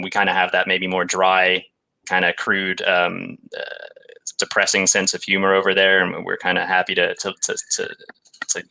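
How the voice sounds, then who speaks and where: Deadpan english guy, low voice, kinda american-tinged now, crisp bright tone. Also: low-quality recording. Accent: English, partly Americanized. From England (London). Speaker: guest. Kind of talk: casual interview chat.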